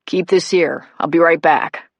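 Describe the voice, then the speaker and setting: A woman reading a calm, firm male cop. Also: fairly low pitch, dry recording, studio quality. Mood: firm, wry. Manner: wry, steady, unhurried.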